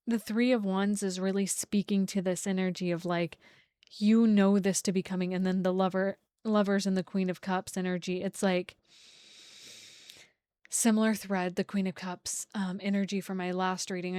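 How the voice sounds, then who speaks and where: A woman's voice: mid-range voice, a little mellow, dry recording, studio quality. A young woman giving a casual, emotional tarot reading to her viewers, full of "like" fillers. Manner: emotional, gushing, many "like" fillers. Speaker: tarot reader.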